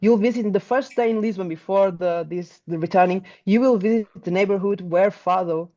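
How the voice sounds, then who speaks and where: A woman's voice: mid-range voice, a little fast, dark tone, muffled recording. A woman with a Portuguese accent, a tour guide chatting in an interview, hesitant with many restarts. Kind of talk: casual interview chat.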